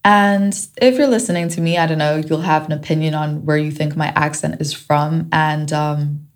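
A woman's voice: low voice, fairly even intonation, moderate pace. A woman from Kenya whose accent shifts between Kenyan and British, hosting a solo podcast in a reflective, candid manner. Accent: shifting mix of Kenyan and British. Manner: reflective and candid, warming to playful. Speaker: podcast host.

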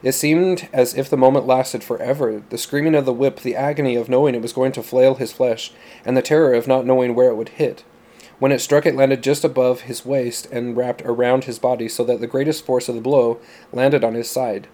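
A man narrating a story in a steady, plain storytelling manner. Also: medium pitch, brisk. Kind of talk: audiobook narration.

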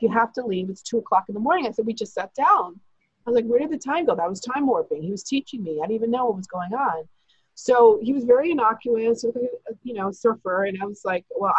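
A woman recounts a long personal story in a rambling, breathless way, slipping into the voices of the people she quotes. Her voice is husky, and the recording is dry and a little dull, with no room sound. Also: medium pitch, fast, dry recording. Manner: chatty, breathless retelling with quoted dialogue. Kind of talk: casual storytelling.

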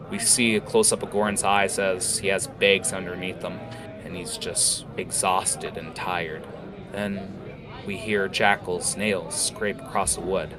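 A man narrating a fantasy tavern scene in a relaxed way, with fillers. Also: deep voice, unhurried, a crowd in the background. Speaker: storyteller.

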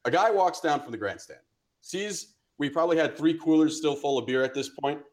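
A young man co-hosting a podcast, telling a story in casual chat with animated, profane energy. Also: fairly high pitch, a little fast. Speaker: podcast co-host.

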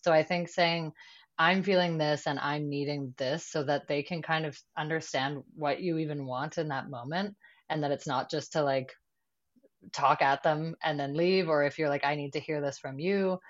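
A woman's voice: sits low, fairly even intonation, moderate pace, muffled recording. A woman guest in a casual podcast chat, talking easily with many fillers and quoted asides.

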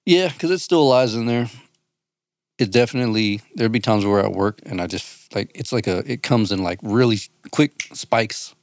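A man's voice: on the low side, normal speed, no room sound. A man in his thirties co-hosting a podcast, talking in a casual, profane way, with laughs and restarts. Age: 30s. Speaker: podcast co-host. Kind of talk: casual chat.

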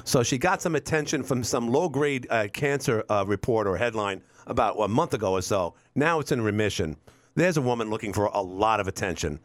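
A man's voice: on the low side, expressive, fairly quick, no echo. Rambling talk radio host, man. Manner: rambling, wry, repeats words. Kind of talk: casual talk radio monologue. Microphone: studio microphone.

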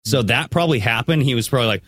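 A man's voice: medium pitch, very fast, a bit bright, breathy edge, no room sound. A man co-hosting a podcast in casual chat, laid-back, swearing, full of fillers. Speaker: podcast co-host.

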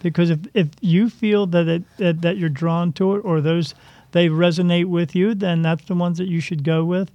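A man hosting a relaxed talk show, rambling through stories with jokes and restarts. His voice sits a bit high with a gravelly edge. The sound is dull and lo-fi, close and dry. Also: moderate pace, dry recording. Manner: rambling, joking, many restarts. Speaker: podcast host. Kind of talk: casual chat.

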